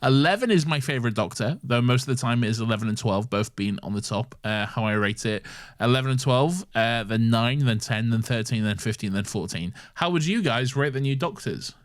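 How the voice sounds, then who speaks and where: A man's voice: medium pitch, expressive, a little fast. A man co-hosting a podcast, trading dry, sweary banter and jokes at his own expense while reading listener emails aloud. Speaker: podcast co-host. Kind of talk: casual chat.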